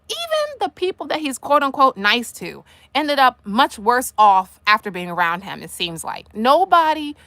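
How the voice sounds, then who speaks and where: A woman's voice: on the high side, no room sound. Sassy woman hosting a livestream. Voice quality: animated, sassy, talks straight to the subject. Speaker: livestream host. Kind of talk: casual commentary livestream.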